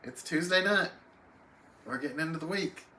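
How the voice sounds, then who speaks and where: A man hosts a relaxed livestream from home, greeting viewers by name as he reads the chat. His voice is bright and forceful and sits a little high. Faint room noise hangs behind him. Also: moderate pace. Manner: friendly, reads chat names aloud, chatty. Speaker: livestream host. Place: home, alone on a live stream.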